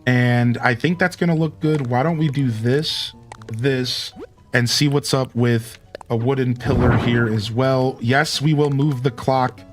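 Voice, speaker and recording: A man's voice: medium pitch, steady tone, unhurried, soft background music. A man streaming a cozy building game, chatty and upbeat as he thinks aloud about his choices. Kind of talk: let's play commentary.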